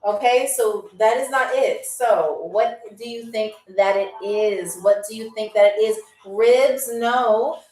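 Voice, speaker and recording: A woman hosting a live-streamed trivia game. She is chatty and playful, and she repeats foreign words slowly for her viewers. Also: on the high side, darkish tone. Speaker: game show host. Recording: echoey room, distant from mic, faint music.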